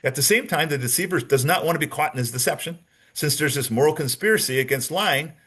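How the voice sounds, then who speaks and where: A man's voice: mid-range voice, a bit bright, husky. A man teaching a lecture on detecting deception, explaining step by step, repeating key points and acting out sample answers. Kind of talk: training lecture.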